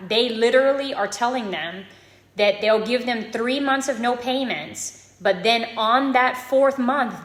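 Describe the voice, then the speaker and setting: A woman's voice: fairly high pitch, a bit bright. A woman working as a mortgage loan officer who gives casual advice straight to her viewers and keeps checking in with them by asking "okay?" and "right?". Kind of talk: casual direct-to-camera advice. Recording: echoey room.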